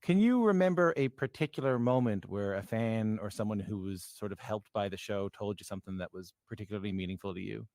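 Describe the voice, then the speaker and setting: A man's voice: on the low side, fairly quick, hardly any pauses, darkish tone, dry recording. A man asking an interview question in a played clip, restarting his phrases.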